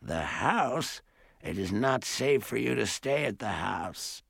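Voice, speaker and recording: A man voicing a very old, frail woman who speaks in a stately, curt way, slowly and softly. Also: mid-range voice, expressive, gravelly, slightly rough, dry recording, studio quality, exaggerated voice. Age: over 60. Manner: curt, stately, softened and slow.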